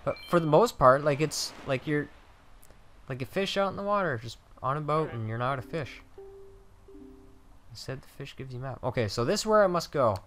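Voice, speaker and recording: A let's play gamer speaks a little high and expressively, at normal speed with a fairly bright tone, and there's a faint hiss or hum in the recording. He keeps up chatty, casual commentary, teasing himself and cursing mildly at enemies.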